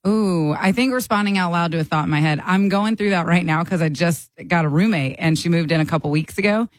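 A woman's voice: lowish voice, brisk, dry recording. A woman on a radio show, giggling as she tells a self-deprecating story in casual banter.

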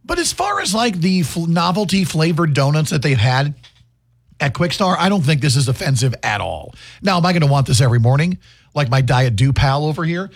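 A man's voice: fairly high pitch, sing-song, a little fast. A man co-hosting a morning radio show, bantering casually in a joking, teasing way. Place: radio studio.

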